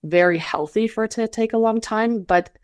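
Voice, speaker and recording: A woman's voice: fairly high pitch, moderate pace, clean tone. A woman speaking earnestly in a conversation, reflective and searching for words as she goes.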